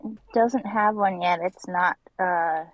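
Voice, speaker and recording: A woman's voice: lowish voice, takes it slowly, no echo, lo-fi sound. A woman co-hosting a live stream, chatting casually and answering in short, dry remarks.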